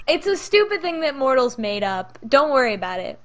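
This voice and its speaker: A woman's voice: sits high, big pitch swings, brisk. Woman voicing a scheming young vampire man. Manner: terse, condescending. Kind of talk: tabletop role-play.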